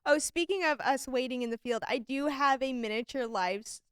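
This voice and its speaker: Young woman podcast co-host, high and dry, chatty, breaks into bits. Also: a little fast, clear, resonant tone, no echo. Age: young adult. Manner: chatty, laughs often, acts out quotes. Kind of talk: casual chat.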